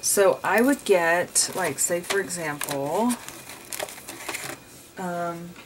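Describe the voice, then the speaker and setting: A woman's voice: fairly low pitch, expressive, drawn-out words, noisy background. A woman chatting casually to viewers while setting up her journal, rambling and often saying "you guys". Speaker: journaling vlogger. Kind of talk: casual chatty crafting tutorial.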